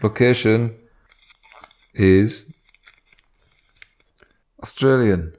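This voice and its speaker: A man's voice: fairly low pitch, drawn-out words, a little mellow. A man co-hosting a comedy podcast, making dry, laid-back quips in casual chat. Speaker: podcast co-host.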